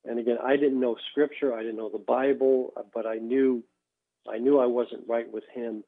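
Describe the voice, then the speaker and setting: A man, a former baseball pitcher, telling his faith testimony as a guest, halting and repeating words as he goes. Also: level tone. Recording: tinny phone line.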